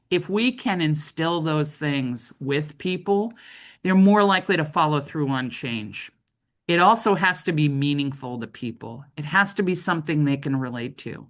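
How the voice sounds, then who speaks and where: A woman's voice: low voice, animated, moderate pace. A middle-aged woman trainer giving a conversational training lecture, often checking in with "right?".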